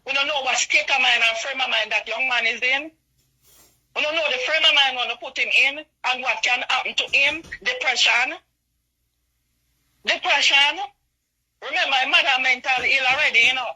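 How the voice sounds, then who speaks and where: High, sharp-voiced Jamaican woman ranting. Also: brisk, rough recording. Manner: impassioned, repetitive ranting. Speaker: vlogger. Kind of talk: angry video rant.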